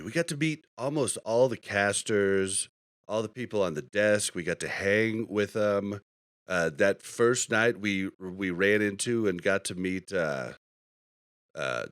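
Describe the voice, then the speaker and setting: A podcast host with a low, fairly bright voice tells rambling stories in casual conversation and laughs often. The studio recording is clean, with no echo.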